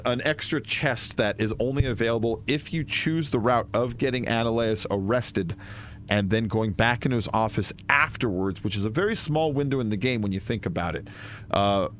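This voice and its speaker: A man's voice: medium pitch, fairly bright tone. A man commentating his video game playthrough in a rambling, joking way, laughing often. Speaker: gaming streamer. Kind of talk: let's play commentary.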